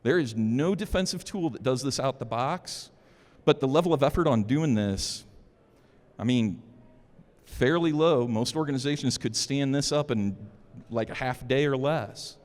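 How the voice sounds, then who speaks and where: A man's voice: medium pitch, a little slow, a little mellow. A man giving a security conference talk in an informal, joking way. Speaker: conference speaker. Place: conference hall. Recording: long hall reverb.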